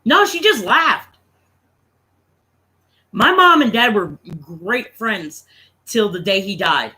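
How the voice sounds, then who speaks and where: A man in his thirties spins a loose, profane family story for his stream. His voice sits high and bright. He talks in a casual, rambling way. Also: lively intonation, takes it slowly, rough recording. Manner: profane, laughing anecdote-teller.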